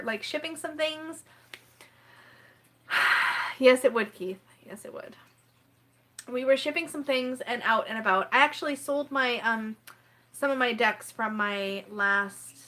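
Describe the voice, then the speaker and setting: A woman's voice: on the high side, sharp tone. A woman hosting a tarot live-stream unboxing at home, chatty and emotional, often laughing through tears. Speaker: tarot livestream host.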